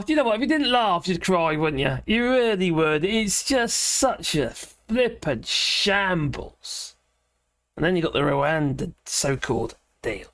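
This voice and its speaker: A hoarse woman with a British accent hosting a casual live political chat, laughing often and greeting viewers by name. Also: mid-range voice, no room sound. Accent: British English. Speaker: livestream host.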